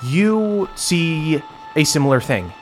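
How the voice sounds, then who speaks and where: A man's voice: on the high side, expressive, slow pace, slight background noise. A man narrating as game master in a tabletop game, describing scenes casually with lots of fillers.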